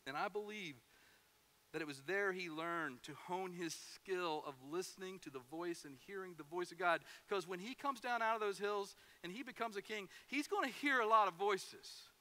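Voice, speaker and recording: A man's voice: high-pitched, normal speed. A man preaching a sermon, telling stories and acting out the people in them. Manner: animated storytelling with acted-out quotes. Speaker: pastor.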